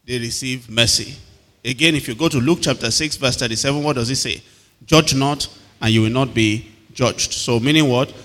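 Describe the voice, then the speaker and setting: Bright-voiced preacher in a reverberant hall. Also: male voice, medium pitch. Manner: calls to the congregation for responses. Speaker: pastor. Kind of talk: sermon.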